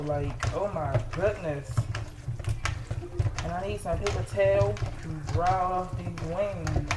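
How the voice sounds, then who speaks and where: A woman chats and jokes at her own expense while she cooks, talking straight to camera in a relaxed, self-mocking way. The sound is an echoey home kitchen with steady background noise. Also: medium pitch. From Maryland. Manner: chatty, joking, self-mocking. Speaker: home cooking vlogger. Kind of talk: casual cooking chat to camera.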